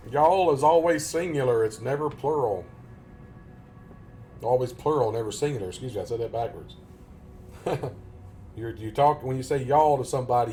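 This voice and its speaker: A man's voice: mid-range voice, warm tone, slight background noise. Folksy man, casual streamer talk. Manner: folksy, rambling, chuckles often. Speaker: gaming live streamer. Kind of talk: casual chat over gameplay.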